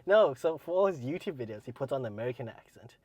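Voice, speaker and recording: A man co-hosting a casual podcast, rambling with many fillers and letting his sentences trail off quietly. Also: mid-range voice, expressive, quick pace, dry recording. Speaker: podcast co-host.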